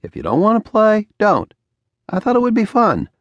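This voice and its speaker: A man's voice: high-pitched, huge pitch swings, no echo, highs cut off, voice pushed up. Guy doing a sassy young woman, voice pushed way up, bouncy and teasing, dry close mic. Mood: insistent. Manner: teasing, quick comebacks. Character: playful teasing young woman, sharp-tongued.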